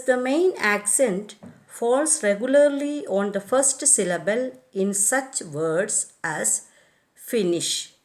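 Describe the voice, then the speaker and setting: Woman, Indian English accent, teacher, scripted lecture, slow, deliberate, fairly high voice, careful pronunciation. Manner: slow, deliberate reading with carefully pronounced example words.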